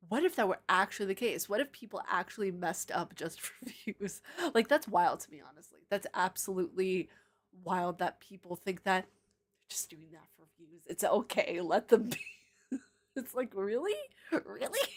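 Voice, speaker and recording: A woman's voice: mid-range voice, a bit bright. Chatty woman streamer answering comments. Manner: chatty and rambling, laughs often, drifts into tangents. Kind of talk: casual live-stream chat, answering viewer comments.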